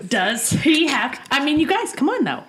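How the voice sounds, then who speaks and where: A woman co-hosting a casual TV recap podcast, animated and quick to laugh, with crude jokes. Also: high voice, a little hiss or hum. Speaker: podcast co-host.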